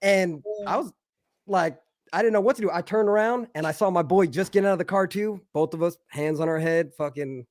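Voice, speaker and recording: A man telling a story in a casual podcast chat, animated and profane, acting out the voices of the people in it. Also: high voice, quick pace, no echo.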